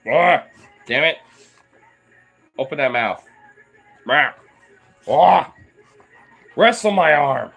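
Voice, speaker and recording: Young man vlogger, playful swearing dog owner, unhurried and animated, faint music under. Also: on the high side, creaky, muffled recording. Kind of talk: casual talk to his dogs.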